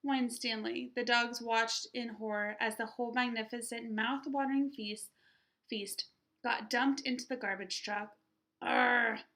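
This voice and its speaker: Expressive woman reading a picture book. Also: a little high. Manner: expressive, pauses to ask the listeners questions. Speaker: teacher. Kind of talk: children's picture book read-aloud.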